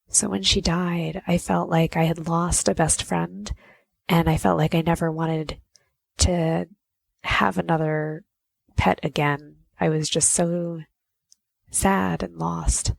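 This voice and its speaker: A woman's voice: fairly low pitch, creaky, dry recording. A woman podcast host telling a personal story in a conversational way, often saying "you know.".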